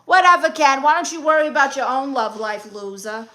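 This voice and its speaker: A woman's voice: sits high, lively intonation, fairly quick, pushed and bright. A woman from Brooklyn with a New York accent, casually chatting on a livestream and reading viewer comments in a sassy, teasing way. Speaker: livestream host.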